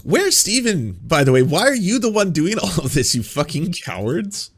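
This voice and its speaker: A man's voice: on the high side, sing-song, normal speed, breathy edge. A man hosting political reaction commentary, sarcastic, profane and exasperated as he responds to clips.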